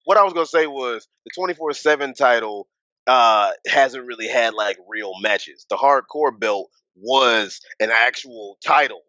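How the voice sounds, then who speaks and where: A man co-hosting a wrestling podcast, talking in a casual, animated way and swearing, with his voice jumping high when he gets worked up. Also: a little slow, dry recording, lo-fi sound. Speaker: podcast co-host. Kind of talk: casual wrestling recap chat.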